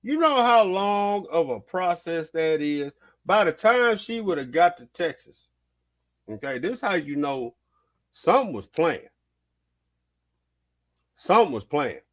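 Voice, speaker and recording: A man hosts a reaction vlog in a loose, worked-up rant, circling back over his points and cursing freely. His voice sits a little high for a man. The talk is raw and unscripted, full of asides to his viewers. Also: unhurried, long pauses. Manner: animated, repetitive, swearing, heated. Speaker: vlog host. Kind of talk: casual reaction commentary.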